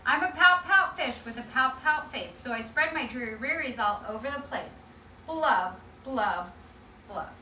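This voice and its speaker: A woman's voice: sits high, lively intonation, unhurried, bright, forceful tone, slight background noise, exaggerated voice. Glum pout-pout fish, as a woman reads him. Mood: gloomy. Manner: droning sing-song refrain. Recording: echoey classroom from far off.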